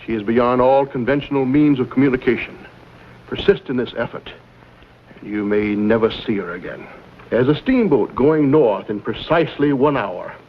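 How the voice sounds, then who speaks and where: A man's voice: mid-range voice, normal speed, lightly acted. A man playing a suave, menacing villain. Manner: smooth, mocking, menacing courtesy. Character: suave scheming male villain in silken gloves. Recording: dull old TV audio with faint hiss.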